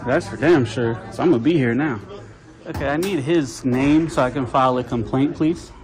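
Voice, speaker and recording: A man's voice: medium pitch, normal speed, soft background music, rough recording. A man talking to his own camera, indignant and complaining as he films a dispute. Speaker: video-recording visitor. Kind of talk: self-narrated confrontation vlog.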